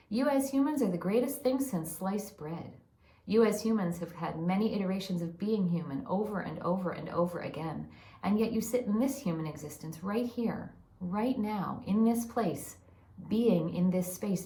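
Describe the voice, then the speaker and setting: A woman voicing a loving collective of light beings, delivering a channeled spiritual message in slow, repeating, chant-like phrases. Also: lowish voice, creaky, a little mellow, roomy sound. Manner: slow, repetitive, incantatory delivery.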